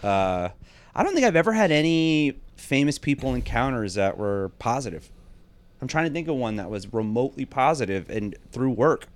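A man's voice: mid-range voice, very animated, moderate pace. A man co-hosting a casual podcast, cracking wry jokes and chiming in. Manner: wry, joking interjections. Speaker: podcast co-host. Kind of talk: casual chat.

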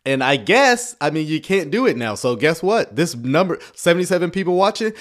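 A man's voice: a little high, big pitch swings, brisk, few pauses. A man giving sarcastic reaction commentary on video clips, with chuckling asides.

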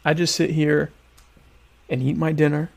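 A man chatting casually to viewers while eating dinner, rambling and joking with deadpan irony about being a quiet type. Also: a little high, unhurried, gravelly. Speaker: vlogger answering viewer questions. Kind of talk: casual comedic chat.

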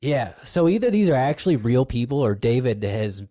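A man co-hosting a casual podcast, reading passages aloud from a book and making crude deadpan jokes. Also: medium pitch, moderate pace, no room sound. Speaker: podcast co-host.

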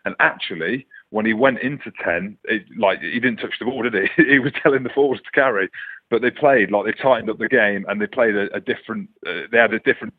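A man's voice: on the low side, fast. A man calling in to a sports podcast, rambling and joking in casual banter. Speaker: regular co-host calling in. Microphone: phone line. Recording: muffled phone line.

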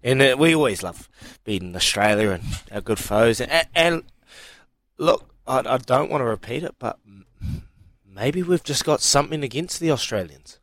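Emphatic New radio host. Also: male voice, medium pitch, lively intonation, a bit bright, dry recording. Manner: emphatic, drawn-out, halting restarts. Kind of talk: sports radio talk.

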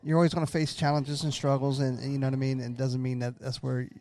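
A man co-hosting a podcast, talking in a relaxed, rambling way. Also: medium pitch, quick pace. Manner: relaxed, rambling, calls people brother. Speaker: podcast co-host. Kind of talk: casual chat.

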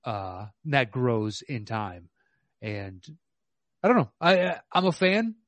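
A man co-hosting a podcast, talking about movies in a measured, hesitant way with many fillers. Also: mid-range voice, sing-song, fairly bright tone, dry recording. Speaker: podcast co-host. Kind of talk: casual movie chat.

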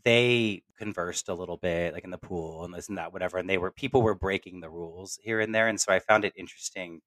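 A man's voice: sits low, fast talker, fairly bright tone, no room sound. A man co-hosting a casual podcast roundtable, rambling with lots of fillers and restarts. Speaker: podcast co-host.

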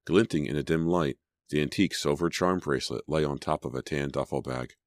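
Man, audiobook narrator, very deep voice, measured storytelling, dry close recording. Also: steady tone, dry recording. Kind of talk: scripted narration.

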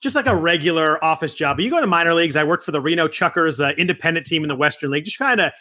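Fast, bright-voiced chatty male guest. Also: fairly high pitch, lively intonation, no echo, clean studio sound. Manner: rapid, chatty, loose storytelling. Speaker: podcast guest. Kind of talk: casual podcast chat.

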